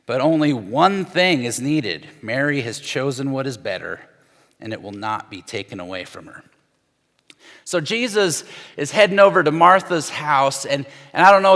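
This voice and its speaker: A man's voice: medium pitch, fairly bright tone. A middle-aged man, a pastor, preaching a sermon in a loose, conversational way with frequent restarts and acted-out quotes. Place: church sanctuary with long reverb. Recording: long hall reverb.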